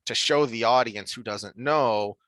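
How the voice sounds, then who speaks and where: A man co-hosting a podcast, talking through a TV series review in an animated, rambling way with frequent restarts. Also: medium pitch, a little slow, no echo. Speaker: podcast co-host. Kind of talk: casual review discussion.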